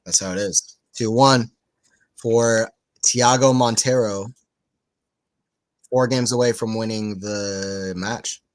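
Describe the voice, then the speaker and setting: A man's voice: fairly low pitch, steady tone, slow pace, pauses often. A man giving casual live tennis commentary for a watchalong stream, just woken up, rambling into chatty asides between calls of the points. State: just woke up.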